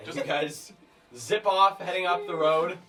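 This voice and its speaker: A man's voice: high-pitched, unhurried, sharp tone, soft background music. A man acting as game master, describing scenes to his players with hesitant fillers. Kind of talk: narrating a tabletop game. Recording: distant mic.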